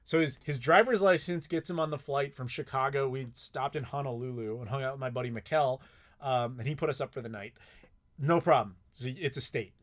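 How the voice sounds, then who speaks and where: A man's voice: mid-range voice, a little fast. A man casually answering viewer questions on a live stream, rambling and swearing freely with lots of filler words.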